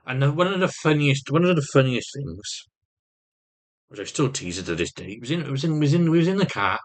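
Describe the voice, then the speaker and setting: A man's voice: medium pitch, sing-song, brisk. A man vlogging with rambling personal storytelling, swearing constantly and restarting often.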